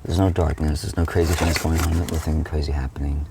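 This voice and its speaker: Young guy with a deep gravelly voice rambling about a dream, says like constantly, swears a lot, noisy recording. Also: level tone, brisk. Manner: rambling, heavy use of "like", frequent swearing and restarts. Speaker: streamer. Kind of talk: casual rambling dream recounting.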